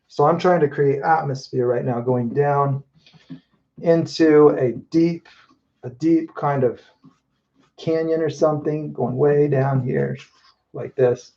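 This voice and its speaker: Mellow man thinking aloud while painting. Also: mid-range voice, highs cut off. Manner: relaxed, thinking aloud, self-correcting. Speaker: mural painter. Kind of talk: casual live painting commentary.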